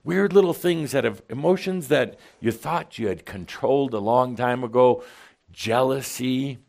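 A man delivers a channeled spiritual talk to a live audience in a hall. His voice is mid-pitched, and his delivery is animated and playful, full of quick asides. He laughs along with the crowd as he speaks. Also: gravelly.

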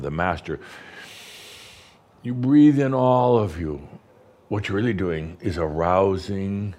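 A man, a spiritual teacher, guiding a group through deep breathing in a playful, teasing way with slow, emphatic phrasing. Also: darkish tone. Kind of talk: guided breathing talk to an audience.

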